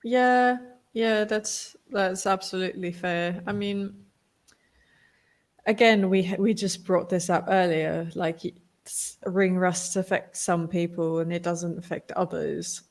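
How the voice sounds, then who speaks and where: A woman's voice: fairly low pitch, fairly even intonation, slow pace. A woman co-hosting a casual sports podcast, full of playful banter. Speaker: podcast co-host.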